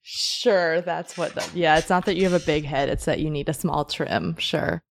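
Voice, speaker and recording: A woman's voice: low-pitched, normal speed, vocal fry, a little hiss or hum. A woman teasing her friends in casual podcast chat, laughing often.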